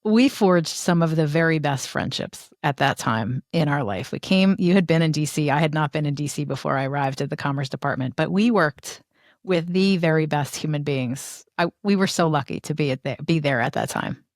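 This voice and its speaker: Woman, middle-aged, from the Northeast US, podcast host, warm, reminiscing, low-ish voice, dry close sound. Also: moderate pace, no room sound. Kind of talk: conversational interview.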